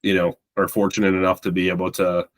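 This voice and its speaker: A man's voice: deep voice, completely flat delivery, fast talker. A man, a podcast guest telling a long story in a rambling, casual way and acting out the dialogue. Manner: rambling, repeats words while recounting.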